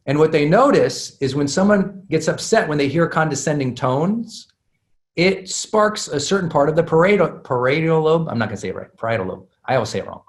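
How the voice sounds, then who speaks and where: A man's voice: on the high side, sing-song, a little fast, echoey room. A man giving a live class to an audience, candid and self-deprecating, with many fillers and restarts. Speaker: class speaker.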